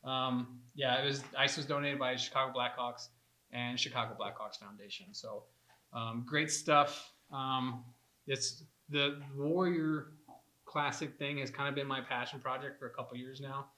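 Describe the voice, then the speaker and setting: A man's voice: mid-range voice, fairly even intonation, moderate pace, bright, forceful tone. A man co-hosting a hockey podcast in a casual, rambling way, often saying "dude". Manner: laid-back, rambling, laughs often, says "dude". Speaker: podcast co-host; veteran warrior hockey organizer.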